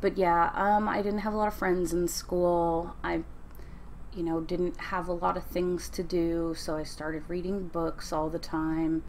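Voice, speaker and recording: A beauty vlogger in her thirties chats casually through a get-ready-with-me video while doing her makeup, rambling with fillers and speaking with a slight lisp from a sore tongue. Her voice is lowish and darkish, with little pitch movement, a little slow, and there's slight background noise.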